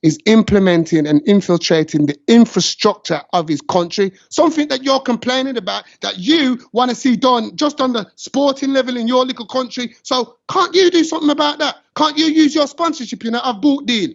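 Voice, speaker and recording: A man's voice: very high voice, fairly quick, gravelly, few pauses. A man hosting a heated talk show, ranting passionately and slipping into patois. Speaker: show host. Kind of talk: heated opinion chat. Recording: dull lo-fi sound.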